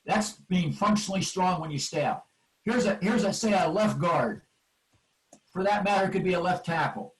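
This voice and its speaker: Speaking at a moderate pace in a high voice, an older offensive line coach presents at a coaching clinic while drill footage plays, leaning on forceful, repetitive cue phrases for his linemen. The audio is poor and was captured from a distance.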